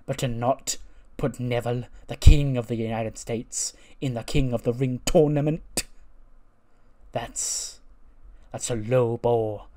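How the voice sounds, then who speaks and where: A man's voice: mid-range voice, fairly even intonation, slow pace, mellow, natural voice. A man voicing an arrogant, self-crowned male wrestling champion who sneers and boasts. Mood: sneering.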